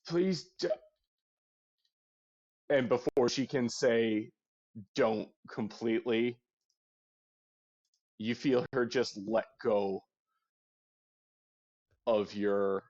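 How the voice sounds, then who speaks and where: A man narrating a tabletop game as game master, halting and casual, full of fillers. He talks slowly, in a middle register. The recording sounds dull and lo-fi. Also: mid-range voice, darkish tone.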